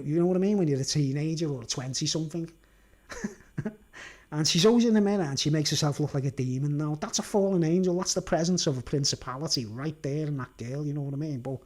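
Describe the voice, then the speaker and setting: Talking fast with lively intonation, this video blogger has a fairly high, darkish voice. His casual rant rambles along, broken up by laughter and tags like "right?" and "mate."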